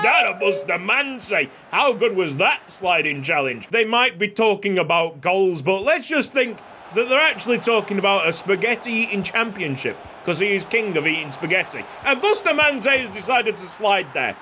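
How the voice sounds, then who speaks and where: Young guy calling his own football game, yells at goals, bright high voice, faint hiss. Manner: excitable, shouting at goals, jokey asides. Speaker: gaming YouTuber. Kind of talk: excited gameplay commentary. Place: home recording room. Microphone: desk microphone.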